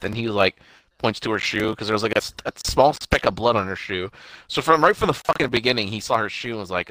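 A man's voice: lowish voice, fairly quick, bright, forceful tone, no echo. A man co-hosting a casual movie review podcast, retelling the plot with quoted lines and loose swearing. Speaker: podcast co-host.

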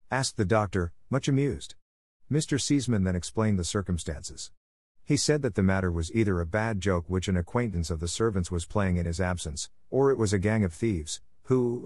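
A man narrating a children's novel aloud in steady storytelling fashion. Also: low-pitched, no echo, studio quality. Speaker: audiobook narrator.

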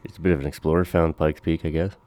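A man's voice: a bass voice, little pitch movement, warm tone, no echo. A man chatting casually as a podcast co-host, trading profane jokes about history. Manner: profane, joking, quick history asides with silly voices. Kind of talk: casual chat.

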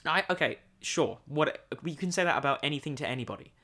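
A man's voice: fairly high pitch, fast talker. A young man, co-hosting a podcast in casual chat, telling stories with swearing and laughter. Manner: animated storyteller, swears casually, laughs a lot. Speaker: podcast co-host.

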